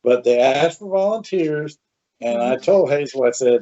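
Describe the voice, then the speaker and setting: A man hosting a podcast, chatty and animated as he tells a story with asides. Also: medium pitch, a little slow. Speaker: podcast host. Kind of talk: casual storytelling. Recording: dull lo-fi sound.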